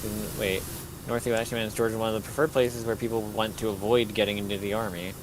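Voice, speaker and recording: A man's voice: on the low side, flat delivery, quick pace. A young man guesting on a game stream, joking and teasing his co-host in casual chat. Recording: noisy hissing mic.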